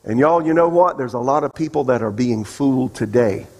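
A man's voice: mid-range voice, animated, fairly quick. A man preaching a sermon as pastor, emphatic and asking the congregation questions. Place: church sanctuary.

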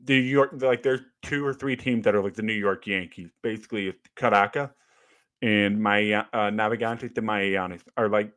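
Man telling animated stories, dry sound. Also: on the low side, normal speed, no room sound. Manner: animated storytelling with fillers and restarts. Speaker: podcast co-host, former ballplayer. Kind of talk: casual chat.

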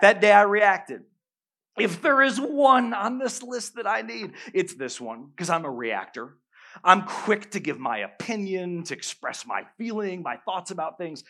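Male pastor, middle-aged, sermon, humorous storytelling, bright tense tone, slightly high pitch. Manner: animated, humorous storytelling that rises to loud bursts.

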